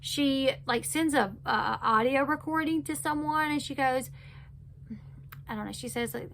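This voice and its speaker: A woman's voice: sits high, measured pace, vocal fry, fairly bright tone, a little hiss or hum. A woman recapping a reality show in a casual, chatty way, full of fillers. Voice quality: chatty, loose retelling with many fillers. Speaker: recap host.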